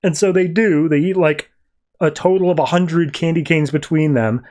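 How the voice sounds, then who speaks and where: Podcast host, man, slightly high voice, easygoing recap delivery with lots of "uh"s. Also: moderate pace, darkish tone. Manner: conversational, loose summary with fillers and asides. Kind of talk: casual comic book recap.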